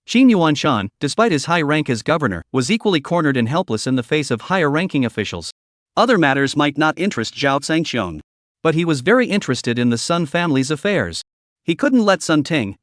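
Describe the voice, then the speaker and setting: A man reading scripted narration for a story recap in an even, storytelling delivery. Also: fairly high pitch, no echo, clean studio sound.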